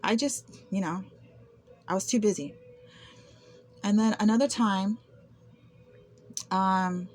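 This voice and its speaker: A woman's voice: medium pitch, fairly even intonation, takes it slowly, pauses often, darkish tone. A woman talking to camera in an unscripted vlog monologue, aggrieved and often repeating words and restarting. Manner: aggrieved, with frequent word repetitions and restarts. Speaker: vlogger recounting personal experiences.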